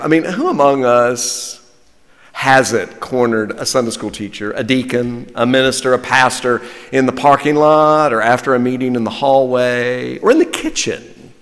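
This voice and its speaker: Man, pastor, sermon, unhurried, wide-ranging pitch, long church reverb. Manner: lively preaching with wry humor. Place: church sanctuary.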